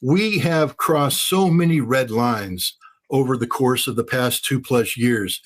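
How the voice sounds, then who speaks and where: An older man giving fast, emphatic political commentary as a guest, with lots of repetition. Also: medium pitch, fairly bright tone, slightly rough. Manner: emphatic, rapid, repetitive phrasing.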